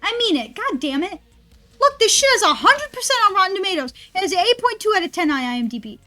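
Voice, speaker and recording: A woman's voice: very high voice, sing-song, fast talker, sharp tone, faint music behind. A woman streamer in casual stream chat, ranting and rambling with a lot of swearing.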